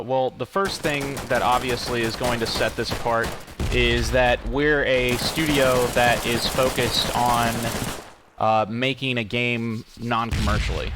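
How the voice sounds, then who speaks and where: A man talks casually over his own gameplay. His pitch sits in the middle range, and he rambles with fillers and restarts. Faint gunfire runs underneath. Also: background noise. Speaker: game developer and streamer.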